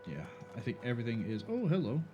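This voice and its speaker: A man's voice: medium pitch, sing-song, fast, dull audio, over music. A man streaming a video game, making playful, joking asides as he plays. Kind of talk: casual game commentary.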